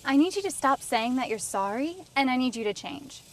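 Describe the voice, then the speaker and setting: A woman's voice: high-pitched, animated, fairly quick. A young woman acting a strong-willed girl in a film scene, speaking firmly and bluntly. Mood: bossy. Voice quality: blunt, bossy. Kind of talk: film dialogue.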